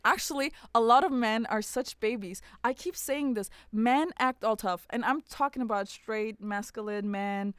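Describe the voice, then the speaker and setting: Chatty woman podcast host with a smooth voice. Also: fairly high pitch, normal speed, hardly any pauses, fairly bright tone, no echo, studio quality. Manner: chatty, laughs often, frank and playful. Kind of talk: casual podcast chat.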